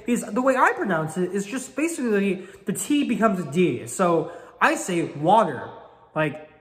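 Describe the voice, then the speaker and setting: A frustrated young man in his late teens vents about an embarrassing story, his pitch swinging widely as he swears and pleads. His voice trails into a long reverb. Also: moderate pace. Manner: exasperated, swearing, animated. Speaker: vlogger. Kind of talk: casual storytelling.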